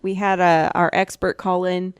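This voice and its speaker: A woman's voice: lowish voice, little pitch movement, moderate pace, clean tone, dry recording. A young woman co-hosting a student radio show, making dry joking quips in casual chat. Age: young adult.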